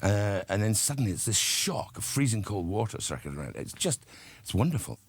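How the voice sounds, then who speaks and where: A man with a very low voice who tells his stories with wry relish and dry humour. The recording is close and dry, with no room around it. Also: sing-song, a little fast, slightly rough, no echo. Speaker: actor guest. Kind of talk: casual interview anecdotes.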